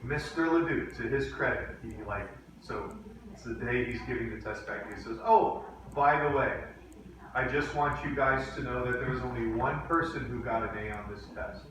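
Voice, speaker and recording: A man teaching a class, telling a story and acting out the quotes in lively voices. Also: mid-range voice, moderate pace, slight background noise. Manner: animated, acts out quotes in voices. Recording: echoey classroom from far off.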